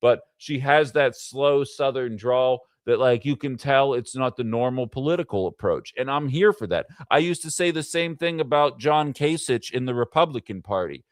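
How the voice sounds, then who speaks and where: Rambling male livestream host, smooth voice. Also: mid-range voice, expressive, no echo, clean studio sound. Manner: talkative and rambling, with fillers and quick asides to chat. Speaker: livestream political show host. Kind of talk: casual political commentary livestream.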